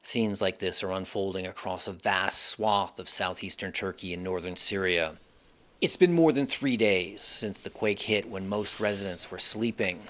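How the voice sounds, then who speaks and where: A male foreign correspondent narrating a scripted news report from the field in a measured, somber way. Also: deep voice, fairly bright tone.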